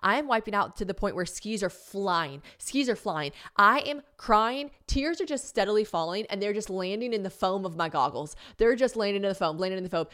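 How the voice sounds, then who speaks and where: Animated woman host telling a story. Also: medium pitch, brisk, few pauses. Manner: animated, dramatic retelling with many "like" fillers and restarts; talks straight to listeners. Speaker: podcast host. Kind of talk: casual storytelling monologue.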